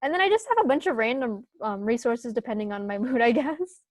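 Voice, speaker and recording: Young woman guest, higher voice, dry close sound, chatty and upbeat. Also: expressive, fairly quick, no echo. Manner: chatty and upbeat, laughs often. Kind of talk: casual podcast interview.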